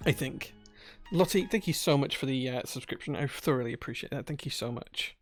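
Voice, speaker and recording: A man's voice: medium pitch, fairly quick, dry recording, studio quality, faint music behind. A man hosting a casual live stream from his workshop, thanking viewers and muttering to himself while he fiddles with chat commands. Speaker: livestream host. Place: home workshop.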